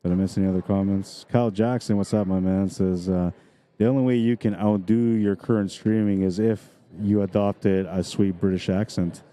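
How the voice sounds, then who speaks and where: Deep, very dark-voiced male stream commentator. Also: fairly even intonation, moderate pace. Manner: chatty, easygoing, talks directly to viewers. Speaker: pool tournament streamer and commentator. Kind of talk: casual live-stream commentary. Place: pool hall at a tournament.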